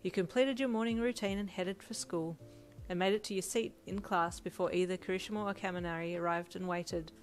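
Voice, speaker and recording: A woman's voice: fairly low pitch, fairly even intonation, a little fast, faint music behind. Woman narrating a second-person story. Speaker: fanfiction reader.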